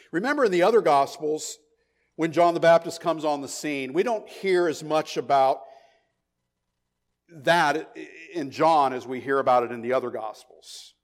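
A pastor preaching a sermon, emphatic, repeating key phrases and dropping into quiet asides. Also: male voice, a little high.

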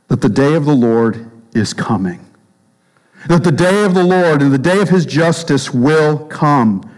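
A man preaching a sermon as pastor, emphatic, repeating phrases and dropping low and slow for stress. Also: expressive, a little mellow, in a large hall, poor audio.

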